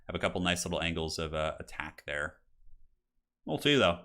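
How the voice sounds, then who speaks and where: Low-voiced guy with a bright edge, chatty laid-back stream commentary, jokes and reads chat. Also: lively intonation, normal speed. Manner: loose fillers, swears casually. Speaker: stream host and chess commentator. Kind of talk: casual live-stream commentary.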